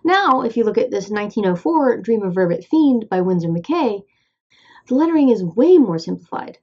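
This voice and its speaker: A woman with a Midwestern American accent walks through a scripted explainer in a playful, upbeat way, tossing in little asides. Her voice sits mid-range with a warm, mellow tone, and the recording sounds slightly dull and lo-fi. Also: mid-range voice, sing-song, a little fast. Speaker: host.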